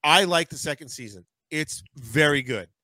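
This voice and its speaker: A man's voice: a little high, lively intonation, normal speed, pushed and bright, no room sound. A man co-hosting a casual podcast chat, rambling and swearing with many fillers. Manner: rambling, profane, lots of fillers. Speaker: podcast co-host.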